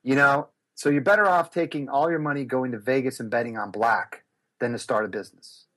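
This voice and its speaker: A middle-aged man telling stories as an interview guest, acting out quotes with big jumps in his voice. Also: brisk. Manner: lively, acts out quotes with big pitch jumps. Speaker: guest speaker and business coach. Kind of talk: animated storytelling interview.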